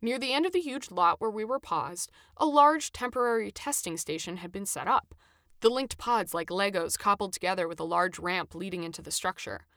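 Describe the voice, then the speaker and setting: A woman narrating a first-person story in an expressive, animated reading, her pitch rising and falling freely. The sound is dry and close, with no room echo.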